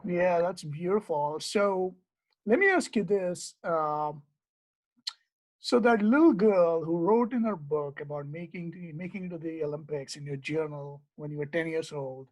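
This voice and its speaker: A man's voice: on the high side, unhurried, poor audio. A man hosting an interview, thoughtful and loose, with lots of fillers. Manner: thoughtful, many fillers like uh and you know. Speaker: host. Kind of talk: conversational interview.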